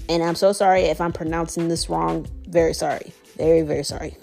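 A woman with a fairly low voice hosts a casual commentary show. She reads headlines briskly and then turns effusive and heartfelt. Soft music plays faintly behind her. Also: fairly even intonation, creaky. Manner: effusive, emotional, shouting people out. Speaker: podcast host. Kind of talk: casual commentary, reading news aloud.

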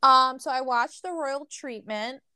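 A woman from New York co-hosting a podcast in casual chat, who swears freely and gets riled up quickly. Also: high-pitched, pushed and bright, clean tone, no room sound. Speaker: podcast co-host.

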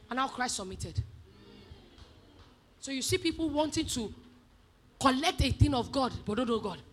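A woman preaching a sermon, animated, moving from soft asides to shouted emphasis. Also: high-pitched, normal speed, long pauses, slight background noise.

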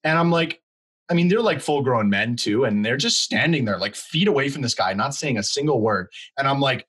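A young man tells a story on a podcast. His voice is a little husky, and his pitch swings widely as he acts out what people said. He keeps it casual and chatty. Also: fairly quick, low-quality recording. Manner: animated, acts out quotes. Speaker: podcast co-host.

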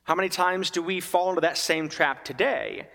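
A man giving a conversational homily as a priest, animated and often asking his listeners questions. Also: sits high, normal speed, vocal fry, in a large hall.

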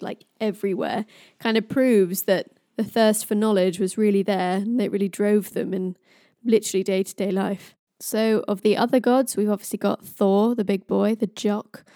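A woman's voice: medium pitch, steady tone, moderate pace, few pauses, mellow, no room sound, clean studio sound. A young woman retelling myths on a podcast in a chatty way, with jokey asides. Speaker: podcast storyteller.

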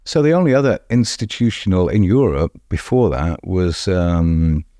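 A man's voice: low voice, normal speed, warm tone, no echo, clean studio sound. A middle-aged man, answering in a podcast interview, emphatic and often repeating words as he restarts. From England. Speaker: street art festival founder.

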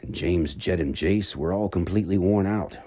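A man narrating a children's bedtime adventure story in an expressive, dramatic read-aloud manner. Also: low-pitched, normal speed.

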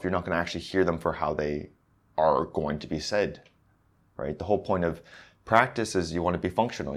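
A man who works as an accent coach, talking through pronunciation practice in a conversational way, often restarting and asking "right?". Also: deep voice. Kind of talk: casual instructional talk.

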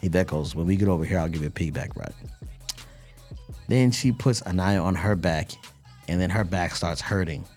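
Low-voiced guy in his 30s, casual podcast chat, jokey storyteller. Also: normal speed, long pauses, darkish tone, faint music behind. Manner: playful storytelling, joking. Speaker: podcast co-host.

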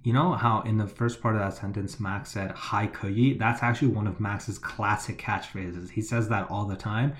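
A man's voice: fairly low pitch, fairly even intonation, moderate pace, hardly any pauses. A man explaining Mandarin grammar to learners, patiently repeating the key points. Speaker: language teacher.

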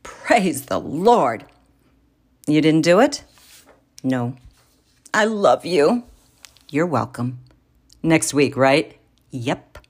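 A woman's voice: expressive, slow, pauses often, husky. A woman reading a first-person story aloud in a wry, theatrical manner. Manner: wry, theatrical, big swings in pitch. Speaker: narrator.

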